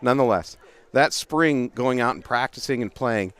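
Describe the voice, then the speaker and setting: A middle-aged man, casually telling animated paintball stories as a livestream commentator outdoors. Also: medium pitch, normal speed, clean tone. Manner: animated, laughing storyteller.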